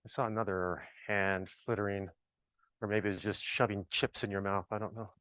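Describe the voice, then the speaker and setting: A man's voice: fairly low pitch, fairly even intonation, normal speed, a bit bright, no room sound. A man leading an informal training workshop, chatty and joking, thinking aloud as he works with the audience. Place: large ballroom with a live audience.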